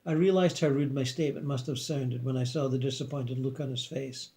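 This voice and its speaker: Man reading a story in a mellow voice. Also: medium pitch, level tone, brisk. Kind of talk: scripted first-person narration.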